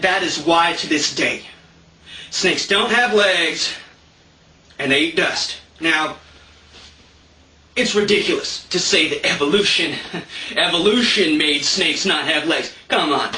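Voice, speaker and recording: A man's voice: a little high, expressive, a little slow, long pauses, bright, forceful tone. A man giving a sarcastic, mock-earnest satirical stand-up monologue, chatty and full of fillers. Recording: roomy sound from a distant mic.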